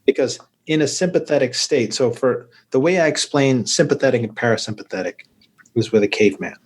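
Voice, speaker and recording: A man in a podcast interview, explaining patiently and at length. His voice sits in a middle register. He keeps the explanation lively with humorous tales. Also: medium pitch, a little fast, slightly rough. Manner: explanatory, tells joking stories. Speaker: urologist guest.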